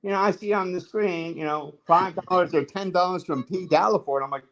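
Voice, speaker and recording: A man's voice: high-pitched, fairly quick, fairly bright tone, rough recording. A man telling stories in a casual livestream chat, rambling with many fillers and restarts.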